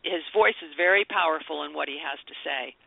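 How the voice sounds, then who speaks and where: Gravelly woman psychic co-host. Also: deep voice, fairly quick, no room sound. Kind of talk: call-in radio talk. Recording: tinny phone-line radio sound.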